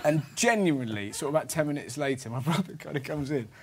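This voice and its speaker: A man's voice: a little high, animated, fast, a crowd in the background, noisy background. A man casually telling anecdotes on a comedy podcast, chatty and laughing through his stories.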